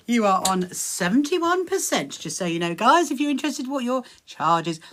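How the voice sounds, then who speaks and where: A woman's voice: a little high, fairly bright tone, slight background noise. A woman hosting a casual sewing livestream from her home sewing room. She chats in an upbeat way, greets viewers by name and laughs often. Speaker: livestream host. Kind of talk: casual live-stream chat while sewing.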